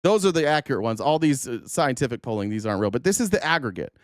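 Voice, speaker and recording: A man's voice: medium pitch, big pitch swings, quick pace, no room sound, clean studio sound. A man streaming political commentary on YouTube, sarcastic and heated, rambling and swearing as he argues with his chat. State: openly angry. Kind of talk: casual live-stream commentary.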